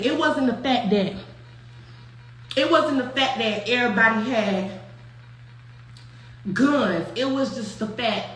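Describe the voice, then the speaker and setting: Animated high-voiced woman telling a story. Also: heavy reverb. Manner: animated, profane, laughs often, acts out quotes. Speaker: storyteller recounting a personal story. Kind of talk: casual storytime chat.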